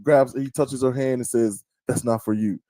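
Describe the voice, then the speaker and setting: A man's voice: mid-range voice, steady tone, normal speed, warm tone, no room sound. A middle-aged man from the who hosts a podcast in a casual chatty way, telling stories and mimicking voices. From American South. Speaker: podcast host. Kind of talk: casual chat. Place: small podcast studio.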